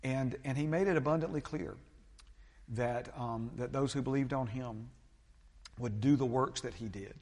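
A pastor preaches in a halting way, stopping on fillers and starting phrases over. His voice sits at an ordinary middle pitch for a man. The sound carries a long reverb from the church hall around him. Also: darkish tone. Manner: halting, many fillers and restarts. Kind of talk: sermon.

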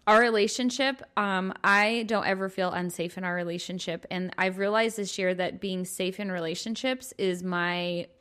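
A woman's voice: mid-range voice, steady tone, moderate pace, few pauses, fairly bright tone, clear, resonant tone. A young adult woman, a mother, co-hosting a podcast in casual chat, candid and earnest with playful jokes. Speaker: podcast co-host.

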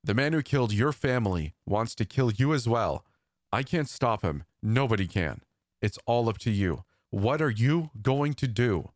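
A man voicing a frightened but resolute male guard who gently coaxes and then presses a scared boy. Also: low voice, unhurried, no echo, clean studio sound. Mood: urgent. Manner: earnest, coaxing, grows firm. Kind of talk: storytelling narration with acted dialogue.

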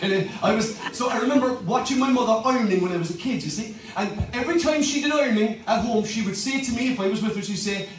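A man's voice: sits high, fast, few pauses, very echoey, distant mic, low-quality recording. An Irish man in his fifties, a pastor preaching a humorous, storytelling sermon. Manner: animated, humorous, conversational.

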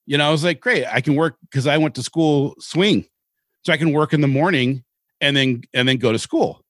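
Middle-aged man from Seattle, podcast co-host, rambling animated storyteller, dry close sound. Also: a little high, normal speed, dry recording. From Seattle, Washington. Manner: rambling, animated anecdotes with casual swearing. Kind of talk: casual storytelling chat.

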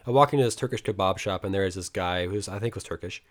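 A man's voice: sits low, fast talker. A young American man casually telling a travel story, rambling and swearing, with many restarts and acted-out quotes. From United States. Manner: rambling, profane, animated retelling with many restarts.

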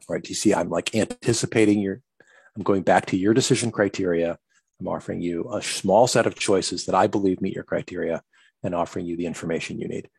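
A man's voice: fairly even intonation, brisk, darkish tone, no room sound. A man coaching listeners on client communication, earnestly acting out sample conversations with customers. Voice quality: low gravelly husky voice. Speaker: business coach. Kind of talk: instructional talk on client communication.

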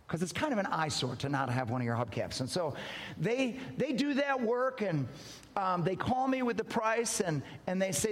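A man preaching with a lively, high voice that swings up and down as he acts out the people in his story. The long reverb of a large hall trails each line. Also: normal speed. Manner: animated, wide swings in pitch and loudness, acts out dialogue. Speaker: pastor. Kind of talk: storytelling sermon.

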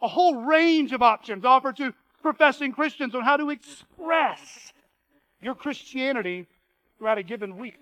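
A man's voice: very high voice, animated, normal speed, a bit bright, no room sound, muffled recording. A man preaching a sermon as pastor, earnest and reading quotations aloud with emphasis.

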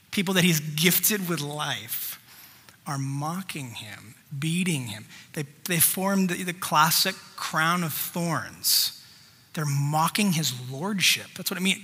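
A man's voice: a little high, bright, forceful tone, big-room sound. A man preaching a sermon, reading scripture aloud and stopping to stress points with emphatic asides. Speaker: pastor.

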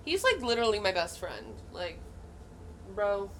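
A woman's voice: medium pitch, moderate pace, slight background noise. A young woman co-hosting a podcast, telling stories in casual chat, laughing and swearing as she goes. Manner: laughing, animated storytelling with swearing. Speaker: podcast co-host.

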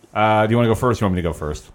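Male comedy podcast host; playful, laughing storyteller with a lively, varied pitch. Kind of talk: casual comedic podcast chat.

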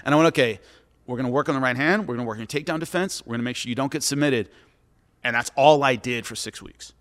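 A man's voice: medium pitch, fast talker. A middle-aged man, a former fighter, chatting on a podcast and telling stories animatedly, acting out the people he quotes. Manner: animated storyteller, acts out quotes. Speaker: former MMA fighter and commentator, guest. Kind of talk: casual podcast chat. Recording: long echoey reverb.

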